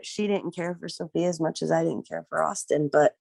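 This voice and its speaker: A woman's voice: deep voice, fairly even intonation, brisk, vocal fry, a little mellow, dry recording, low-quality recording. A middle-aged woman recalling events as a guest, rambling and leaning on "like" and "you know". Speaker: guest, mother of a missing daughter. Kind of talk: emotional personal recollection.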